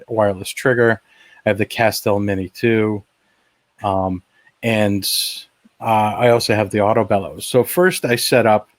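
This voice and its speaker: A man's voice: on the low side, no echo. A man presenting a live webinar, narrating his own demo video in a casual, enthusiastic, explanatory way with frequent fillers and restarts. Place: at home.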